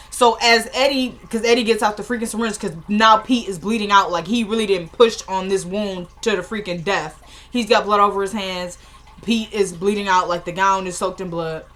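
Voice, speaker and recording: Young woman vlogging a show recap, casual and chatty, laughs a lot, middle-pitched voice. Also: steady tone, moderate pace, fairly bright tone. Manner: chatty and rambling, laughing often and joking with viewers. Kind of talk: casual chat.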